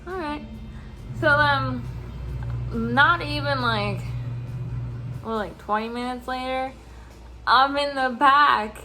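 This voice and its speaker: High bright-voiced woman venting a story. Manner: animated, laughing, swears a lot, acts out quotes. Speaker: deli worker. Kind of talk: casual storytime vent.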